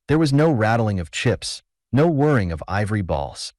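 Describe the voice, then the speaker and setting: A man reading a classic short story aloud as narrator, in a measured, expressive way. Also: lowish voice, no echo, studio quality.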